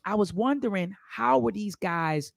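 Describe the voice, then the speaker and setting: Animated woman talk-show host, dry sound. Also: mid-range voice, measured pace, creaky, dry recording. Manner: animated storyteller, repeats words for emphasis. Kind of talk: casual talk-show discussion.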